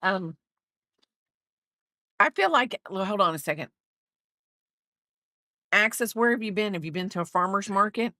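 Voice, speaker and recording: Lively, chatty middle-aged woman streamer. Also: mid-range voice, unhurried, pauses often, no echo, clean studio sound. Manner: chatty, teasing, laughs often. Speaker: livestream host. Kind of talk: casual chat while crocheting on stream.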